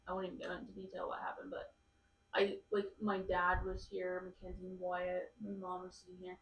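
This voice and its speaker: A woman's voice: fairly low pitch, brisk. Young adult woman, guest on a chat podcast, chatty and rambling; roomy, distant sound. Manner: rambling, full of "like" fillers, animated storytelling. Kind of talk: casual chat.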